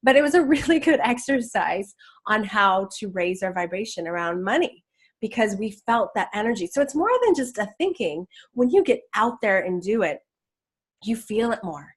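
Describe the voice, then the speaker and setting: A woman's voice: medium pitch, sing-song, normal speed, breathy edge. A woman teaching law of attraction in a casual, enthusiastic talk, chatty with many restarts.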